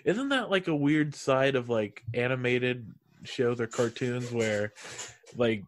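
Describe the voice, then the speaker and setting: Jokey animated podcast co-host. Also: male voice, medium pitch, slow. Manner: animated, jokey, slips into silly voices. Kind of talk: casual chat.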